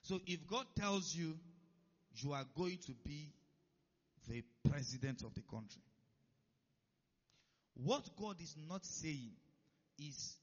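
A man's voice: fairly high pitch, lively intonation, takes it slowly, pauses often. A man preaching a sermon, who keeps stopping to check that his listeners are following. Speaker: pastor. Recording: dull lo-fi recording.

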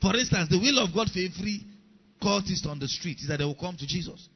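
A man's voice: high-pitched, expressive, quick pace, breathy edge. Middle-aged male preacher, emphatic and repetitive, muffled lo-fi sound. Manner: emphatic, repeats key lines, questions the congregation. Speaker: pastor. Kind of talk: sermon.

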